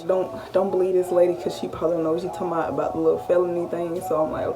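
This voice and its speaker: A woman in her late teens, telling a story-time vlog in a casual, animated style. She swears freely and often acts out what she was thinking. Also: on the low side, fast, few pauses, distant mic. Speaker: vlogger.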